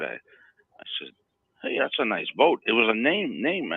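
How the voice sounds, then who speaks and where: A man's voice: medium pitch, big pitch swings, unhurried, gravelly, long pauses, slightly rough, dry recording. Rambling, laughing man on a phone line. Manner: rambling storyteller, frequent stammers and laughs. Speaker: co-host. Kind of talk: casual chat.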